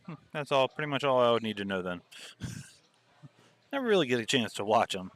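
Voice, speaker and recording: A man's voice: mid-range voice, very animated, a little fast, fairly bright tone. A man doing casual live commentary on a pool match, joking around and laughing often.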